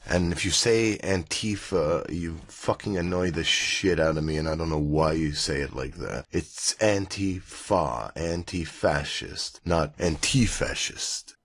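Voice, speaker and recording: A man voicing a gruff, irritated man who talks in a slow, exasperated growl. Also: very deep voice, steady tone, fairly bright tone, voice pushed down. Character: gruff, irritated man fussing over pronunciation.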